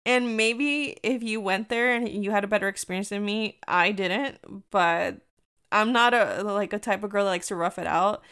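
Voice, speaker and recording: Young woman vlogging, super chatty, like like like, swears a lot, laughs mid-story, normal middle pitch. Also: moderate pace, fairly bright tone, clean tone. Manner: chatty, heavy use of "like", swears freely; laughs often while telling the story. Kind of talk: casual storytelling to viewers.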